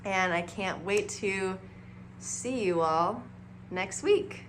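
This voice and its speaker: A woman's voice: medium pitch, slow, a little hiss or hum. A young adult woman chatting casually to camera as a vlogger, bubbly and full of fillers.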